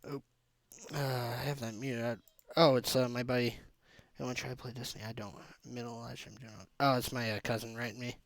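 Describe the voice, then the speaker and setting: A man's voice: mid-range voice, level tone, fairly quick, dry recording. Laughing male podcast host. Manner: laughs a lot, crude joking. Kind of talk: casual chat.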